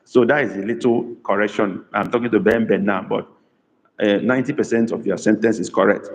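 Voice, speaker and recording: A man teaching a live online language lesson, slowly repeating sentences and reading out viewers' comments. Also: lowish voice, fairly even intonation, long reverb tail, low-quality recording. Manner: slow, deliberate repetition of sentences. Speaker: language tutor.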